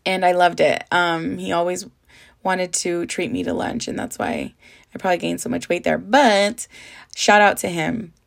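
A woman's voice: on the low side, animated, moderate pace, vocal fry. Chatty candid woman podcaster. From Southern California desert. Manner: candid, chatty, swears freely, code-switches to Spanish. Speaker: podcast host. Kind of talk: casual solo podcast chat.

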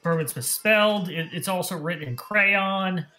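A man with a bright, slightly high voice runs a tabletop game over an online voice call. He narrates loosely, laughs often and fills his pauses with "uh" and "um". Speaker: dungeon master.

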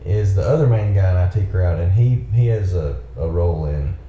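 A man's voice: low-pitched, a little fast, warm tone, muffled recording. A man co-hosting a casual movie commentary chat, giggly and rambling, often restarting his thoughts. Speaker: podcast co-host. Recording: echoey room with faint background noise.

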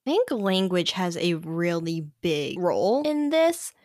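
A woman's voice: fairly low pitch, big pitch swings, unhurried, a little mellow, no room sound. Young woman, American, podcast co-host, casual, filler-heavy, dead-dry sound. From United States. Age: young adult. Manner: chatty, frequent "like" fillers.

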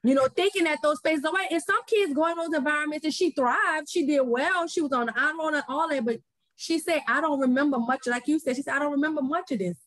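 A woman's voice: high voice, quick pace, fairly bright tone, no echo, rough recording. A woman, a podcast guest telling a story. She acts out the voices of the people she quotes and often repeats her words. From New Orleans, US. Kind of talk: casual interview conversation.

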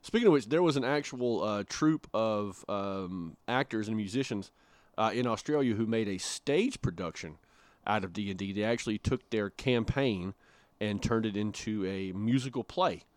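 A man with a fairly low voice co-hosts a podcast, chatting casually and cracking jokes. He talks loosely with plenty of filler words, and the recording is dry and close. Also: moderate pace, no echo. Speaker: podcast co-host.

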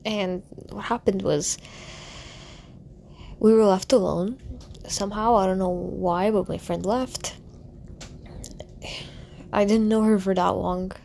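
A woman's voice: medium pitch, fairly even intonation, slow pace, vocal fry, long pauses, mellow, slight background noise. A young woman, a content creator, telling a candid personal story in a casual, rambling way, full of fillers and restarts. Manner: candid and reflective.

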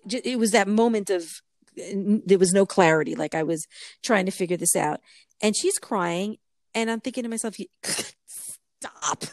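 A middle-aged woman in casual conversation, telling a long personal story with restarts, laughs and lively quoted voices. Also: moderate pace, no room sound, studio quality. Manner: rambling storyteller, frequent restarts and laughter, swinging pitch when quoting. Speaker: co-host of a chat show. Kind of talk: casual chat.

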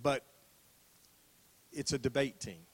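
Speaking slowly in a husky, medium-pitched voice, an older pastor gives a conversational sermon full of repeated phrases and rhetorical questions.

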